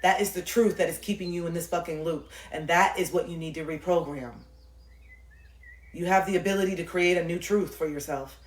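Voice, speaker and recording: A woman's voice: on the low side, fairly even intonation, brisk. A woman livestreamer giving impassioned spiritual life advice, preachy and intense, swearing freely and repeating phrases for emphasis. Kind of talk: impassioned motivational monologue. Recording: echoey room with faint music.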